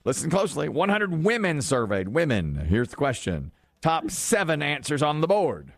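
A man's voice: on the high side, huge pitch swings, moderate pace, no echo. A man hosting a quiz game on a radio show, upbeat and teasing, repeating the question for each player.

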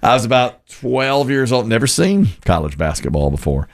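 A man hosting a radio talk show, telling stories in a casual, animated way and acting out the voices of the people in them. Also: mid-range voice, normal speed. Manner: animated storyteller, acts out voices in quotes. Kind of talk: casual storytelling chat.

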